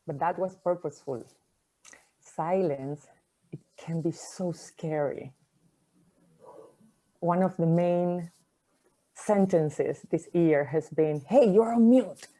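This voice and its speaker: A woman whose first language is not English, giving a personal talk, reflective and conversational, with pauses and soft endings. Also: low voice, steady tone. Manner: conversational fillers like "like" and "you know".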